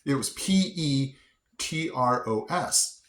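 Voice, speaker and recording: A cheerful man runs his own vlog, chatting in a laid-back way and readily laughing at his own slip-ups. His voice has a medium male pitch, and the indoor room adds a clear echo to the recording.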